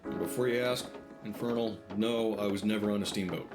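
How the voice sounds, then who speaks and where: Man, game streamer, chatty, jokey, low voice, faint music. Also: fairly even intonation, a little fast. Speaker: gaming streamer. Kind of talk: casual let's-play commentary.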